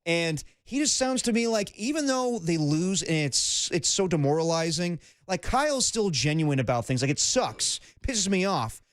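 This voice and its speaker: A man co-hosting a sports radio show, talking in a casual, animated way and slipping into mocking impressions. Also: high voice, normal speed, hardly any pauses, no echo, studio quality.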